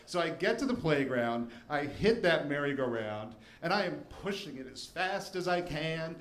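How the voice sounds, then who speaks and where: A man's voice: a little high, sing-song, moderate pace, a little hiss or hum. A man in his forties from the Washington, D.C. area, telling a first-person story on stage with wry, self-deprecating humor. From Washington, D.C. area, USA. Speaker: storyteller and attorney. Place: live show venue before an audience. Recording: roomy live venue with faint ambience.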